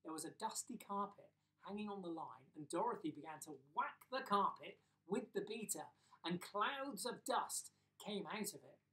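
Middle-aged man, bedtime story reader, lively pitch, distant mic. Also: moderate pace. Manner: animated, chuckling asides. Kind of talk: reading a children's bedtime story live. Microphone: phone or laptop on a live video stream.

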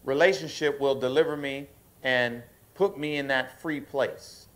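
A pastor preaches to his congregation at a middle pitch, calling out for answers and waiting for replies. He lets his delivery slow and grow stronger whenever he drives a point home. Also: steady tone, fairly bright tone. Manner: call-and-response preaching, asks the congregation to affirm; slows down and rises in force for emphasis. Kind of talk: sermon. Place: church service.

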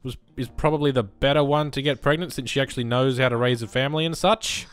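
A man's voice: medium pitch, fairly even intonation, fast talker, clear, resonant tone. A young man giving chatty gameplay commentary as a let's play host, muttering reactions as he goes.

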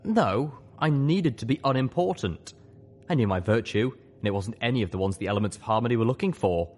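A man voicing an ancient male dragon who explains things rapidly and earnestly. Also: medium pitch, lively intonation, a little mellow, natural voice.

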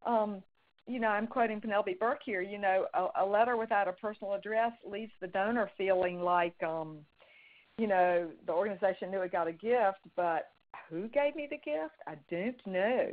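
A woman's voice: medium pitch, normal speed. Woman presenter, emphatic and chatty, heard over a tinny phone-like line. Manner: emphatic, conversational, many fillers and restarts. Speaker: fundraising consultant presenter. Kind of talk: webinar teaching.

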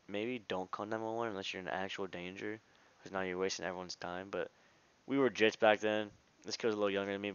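A young man rambles through a story in a casual vlog, piling up "like" and slang as he goes. His low voice comes across smooth and resonant, though the recording sounds dull and lo-fi. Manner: rambling, full of "like" and restarts, slangy. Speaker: vlogger.

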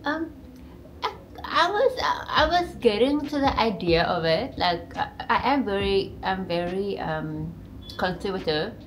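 A woman's voice: medium pitch, expressive, measured pace, a little hiss or hum. A woman from South Africa in casual chat, talking freely with lots of "like" and "you know" and laughing often. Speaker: co-host, partner of the channel host. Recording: background music under the voice. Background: music.

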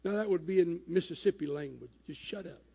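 A man preaching a sermon in a church, shouting at his peaks and dropping low in between. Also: a little fast, vocal fry, breathy edge, long reverb tail. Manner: rising to shouted climaxes, then dropping low. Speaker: pastor. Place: church sanctuary.

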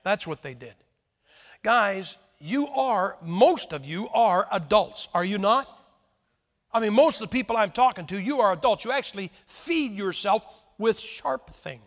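Gravelly man preaching in a reverberant hall. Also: high-pitched, animated, a little slow, fairly bright tone. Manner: folksy, joking, rhetorical questions to the congregation. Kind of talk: sermon.

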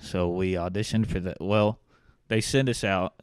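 A man's voice: low voice, steady tone, moderate pace, smooth, dry recording, studio quality. A young man, an actor guest, telling his story in a casual, easygoing interview chat. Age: young adult.

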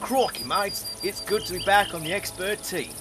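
A man playing a brash comic ally with a put-on Australian accent who shouts "crikey". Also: high-pitched, lively intonation, normal speed, noisy background. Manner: mock Australian accent, says "crikey, mates".

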